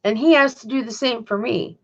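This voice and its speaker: A woman's voice: a little high, fairly quick, dull audio, a little hiss or hum. A woman hosting a casual livestream, talking in a chatty, rambling way and answering viewers' chat. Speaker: livestream host. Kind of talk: casual chat to a live audience.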